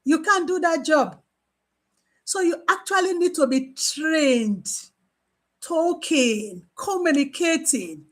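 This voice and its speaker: A woman gives an informal training talk as a mental health nurse. She is animated, repeats key phrases for emphasis, and acts out her exchanges with patients. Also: sits high, slow.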